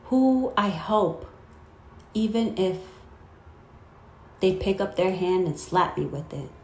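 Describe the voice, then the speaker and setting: A woman's voice: fairly low pitch, a little hiss or hum. A woman giving a casual spiritual talk to her viewers, rambling and interrupting herself with fillers. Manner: rambling, warm-hearted, self-interrupting with fillers. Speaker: faith vlogger. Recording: echoey room.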